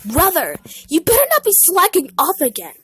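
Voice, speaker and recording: A bossy, hot-tempered little skeleton lord barks orders in a high, loud voice, as a woman reading a fan story puts him on. He sounds shrill and demanding in a dry, close sound. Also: huge pitch swings, moderate pace, no room sound, heavily acted. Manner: shouty, demanding.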